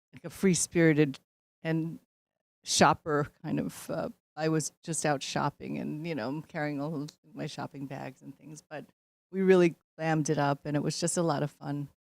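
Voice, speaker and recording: Low-voiced woman, chatty actress guest. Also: vocal fry, a little mellow, no room sound. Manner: chatty, laughing, many fillers. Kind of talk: casual interview chat.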